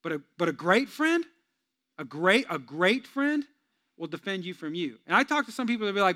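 A male pastor preaching a sermon, telling stories with lively shifts between loud punchlines and hushed, earnest asides. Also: high voice, fairly quick.

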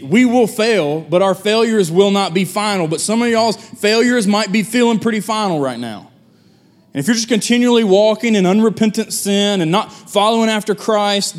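A man preaching a sermon as pastor, relaxed and conversational, with folksy asides. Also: sits high.

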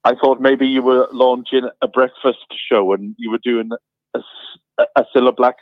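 A man's voice: medium pitch, steady tone, normal speed, dry recording. Jokey man on a tinny phone line. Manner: chatty, jokey storyteller. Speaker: radio show regular on a phone line. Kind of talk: casual radio chat.

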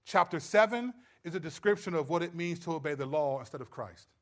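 Male pastor, sermon, emphatic, slightly high-pitched. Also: expressive, a little fast. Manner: emphatic, swings between loud stresses and low quiet asides.

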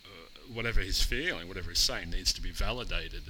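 A man speaking as a guest in a casual conversation, earnest and expressive with halting restarts. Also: sits low, a little hiss or hum, rough recording. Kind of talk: casual podcast chat.

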